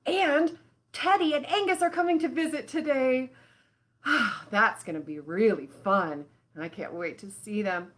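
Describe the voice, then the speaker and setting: A woman hosting a live children's lesson who talks straight to the kids at home. Her voice sits high and bright, and she takes her time, drawing her words out slowly. She talks expressively, with plenty of sighs and exclamations. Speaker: children's show host.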